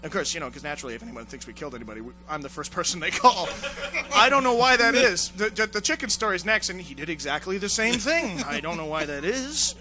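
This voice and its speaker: A man hosting a talk show, telling crude stories loudly with lots of swearing and laughter, often acting out voices. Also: high voice, lively intonation, quick pace, faint music behind. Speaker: show host. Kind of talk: crude comedic storytelling banter.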